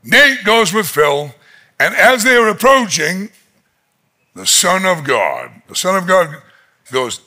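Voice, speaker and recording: A man preaching a conference sermon, retelling a story dramatically and acting out its voices, rising to shouts at its peaks. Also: sits high, sing-song, slow, long pauses. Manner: shouts in climactic moments. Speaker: pastor. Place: conference hall.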